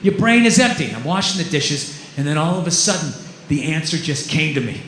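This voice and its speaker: A man performing a stand-up comedy routine, ranting and swearing, jumping from muttering asides to shouted outbursts. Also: on the high side, sing-song, a little fast, slight background noise. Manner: loud, ranting, profane, swings between shouting and muttering. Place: comedy club stage. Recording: echoey live club room.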